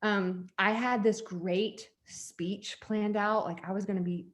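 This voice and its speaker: A woman's voice: medium pitch, fairly even intonation, slow pace. A woman in her thirties telling her personal story in a candid, chatty way, full of "like" fillers, at home with children nearby. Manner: laughs when uncomfortable. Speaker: network marketing leader. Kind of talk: personal story told to an audience.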